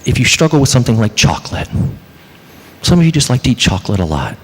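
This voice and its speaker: A man preaches a sermon from the pulpit, his pitch rising and falling in a lively, animated way. He fires off rhetorical questions and acts out little quoted asides. His voice rings out with a long hall reverb around it. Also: fast talker, breathy edge. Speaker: pastor. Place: church sanctuary.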